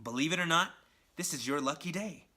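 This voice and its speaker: A man's voice: a little high, animated, fairly quick, pushed and bright, voice pushed up, exaggerated voice. A man voicing a sadistic male goblin villain who taunts and threatens his enemy while reading a comic aloud. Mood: menacing. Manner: taunting, theatrical, sneering.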